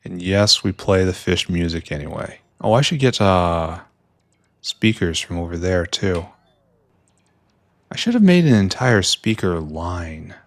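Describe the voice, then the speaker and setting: A deep-voiced man with lively intonation offers unhurried, rambling, wry commentary as he plays a video game, often talking to himself and trailing off into mutters. He's a gameplay streamer doing casual let's-play commentary, and the recording has no room sound.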